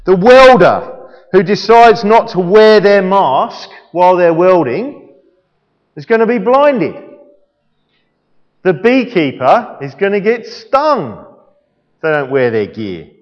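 A male preacher gives a sermon in an unhurried, very animated voice with a slightly raised pitch. He teases and quizzes his listeners. The sound is dull and carries long hall reverb. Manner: animated, playful, quizzes the congregation.

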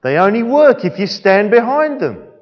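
A man's voice: sits high, big pitch swings, moderate pace. A male preacher delivering a sermon in a playful way, quizzing the congregation, recorded in an echoey church hall with a dull sound.

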